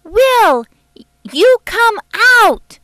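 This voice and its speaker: A bossy little girl barks out orders in a high, loud voice. She speaks slowly and stresses every word, as a woman reading a storybook puts her on. The sound is dry and close. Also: very animated, dry recording, exaggerated voice. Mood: commanding. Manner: slow, emphatic, commanding.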